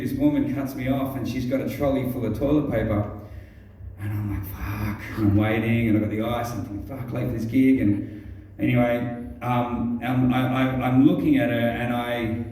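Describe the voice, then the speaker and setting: An Australian man telling a rambling stand-up story, stumbling through ums and restarts and swearing as he goes. His voice is mellow and of middling pitch. He is picked up from a distance in a very echoey venue. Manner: halting, many ums and restarts, swears freely. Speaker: stand-up comedian. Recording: very echoey room, mic far off.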